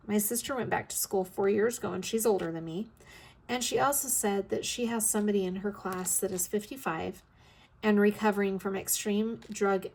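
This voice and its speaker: A woman in her fifties chatting casually in a rambling way, tired and yawning, her throat a little scratchy. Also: medium pitch. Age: 50s. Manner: rambling, chatty, with frequent ums and yawns. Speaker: vlog host. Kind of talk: casual chat while crafting.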